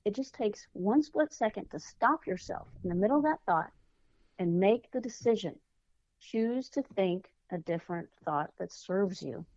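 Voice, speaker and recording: A woman, a children's author, speaking earnestly as a podcast guest and often pausing to find her words. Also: mid-range voice, darkish tone, no room sound, dull audio. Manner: earnest, searching for words with fillers. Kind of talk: podcast interview.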